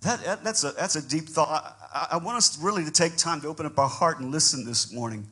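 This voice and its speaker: A man preaching a sermon as pastor, calling for feedback from the congregation and building from quiet reflection to loud, emphatic declarations. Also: a little high, brisk, breathy edge. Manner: preaching with call-and-response, swelling from soft musing to loud emphatic declarations.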